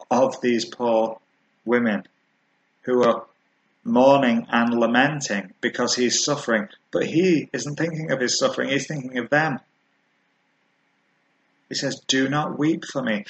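A man preaching a sermon, earnest and measured, slowing down to stress key words. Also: medium pitch, a bit bright, rough recording.

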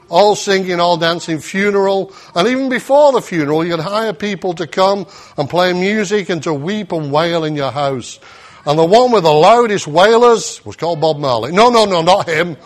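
High-voiced animated male preacher. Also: moderate pace. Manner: animated storytelling, acting out voices and laughing. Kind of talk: sermon.

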